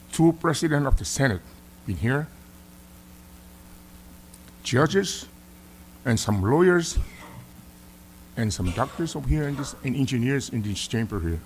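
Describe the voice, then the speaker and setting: A man's voice: medium pitch, darkish tone, slight background noise. A middle-aged man with a Samoan accent, a senator sternly scolding an official during a hearing in a legislative chamber. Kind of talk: formal hearing address.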